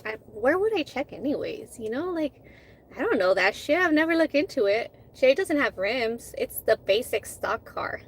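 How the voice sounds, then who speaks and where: A woman's voice: on the high side, very animated, moderate pace, slightly rough. A woman in her thirties, a food vlogger, chatting casually while eating and telling a heated story candidly, with swearing, restarts and fillers.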